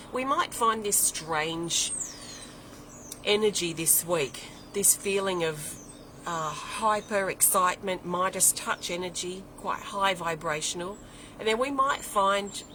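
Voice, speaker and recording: Bright-voiced woman giving a card reading. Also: on the low side, a little hiss or hum, poor audio. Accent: non-American English accent. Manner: flowing, repeats and lists words, thinks aloud. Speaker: oracle card reader. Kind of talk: weekly spiritual card reading.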